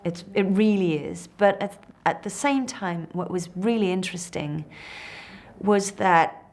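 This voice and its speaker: A French actress answers interview questions in English, her second language, sounding hesitant as she searches for words. Her voice is medium in pitch, a little mellow, and a little slow.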